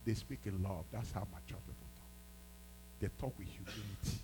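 A man's voice: on the low side, fairly quick, background noise. A man preaching a sermon as a pastor, emphatic, repeating phrases and prompting his congregation.

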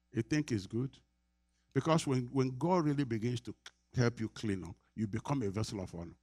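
A man's voice: medium pitch, vocal fry, a little mellow, no echo, clean studio sound. A middle-aged Nigerian man preaching a sermon as pastor, earnest, repeating his phrases and laughing often.

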